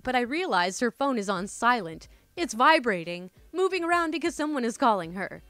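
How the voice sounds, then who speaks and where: A woman's voice: fairly high pitch, very animated, a little fast, hardly any pauses, a bit bright, no echo, soft background music. A woman hosting a storytime channel, reading stories and chatting casually, swearing and calling listeners "my dudes".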